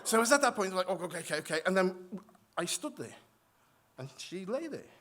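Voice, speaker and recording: Man, stage storyteller, slightly high voice, animated, acts out voices, restarts sentences, faint background hiss. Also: normal speed. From migrated to Australia. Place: stage in a hall before an audience.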